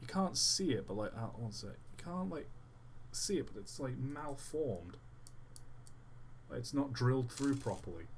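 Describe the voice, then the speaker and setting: A man's voice: medium pitch, big pitch swings, moderate pace, slight background noise. A man streaming live, chatting casually and thinking aloud while he builds a model, often distracted mid-sentence.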